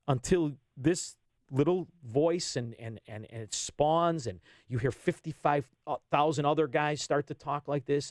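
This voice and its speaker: A fifty-something man rants bluntly on talk radio, his voice sitting fairly high for a man. He lurches from punchy outbursts to low, muttered asides. The sound is close and dry. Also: no echo. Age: 50s. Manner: blunt, ranting, swings between loud and low. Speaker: radio guest. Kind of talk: heated political radio talk.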